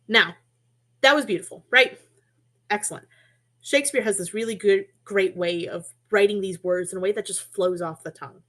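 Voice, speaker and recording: A woman in a middle pitch leads a webinar lesson on poetry and musical rhythm. She explains in a friendly, casual way, with small asides and quick self-corrections. Her voice comes through a computer mic on a web call. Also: bright, forceful tone. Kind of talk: online teaching presentation.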